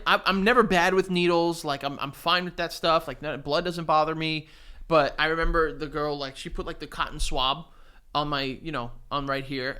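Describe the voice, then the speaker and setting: A man's voice: fairly high pitch, pushed and bright, smooth. A man co-hosting a podcast, joking around in casual, profane banter. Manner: joking, profane, quick to laugh. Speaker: podcast co-host.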